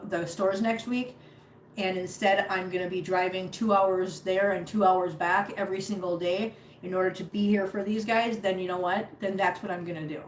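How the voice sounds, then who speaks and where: A middle-aged woman chatting casually on a live stream from her home floor, rambling with many fillers and restarts. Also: mid-range voice. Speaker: cat rescuer streaming live. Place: home, sitting on the floor among cats. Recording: roomy home recording, faint background hum.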